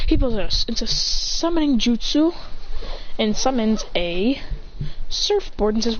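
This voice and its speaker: A woman with a fairly high voice narrates a loose, rambling fan story, jumping into character lines with sudden lifts in pitch. The recording is dull and lo-fi, with a faint hiss underneath. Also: lively intonation, normal speed.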